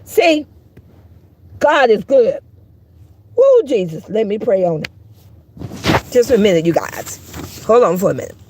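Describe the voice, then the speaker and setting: A woman's voice: medium pitch, sing-song, a little slow, long pauses, a little mellow, slight background noise. A middle-aged woman giving heated, profane, preachy live-stream commentary, mocking the people she talks about.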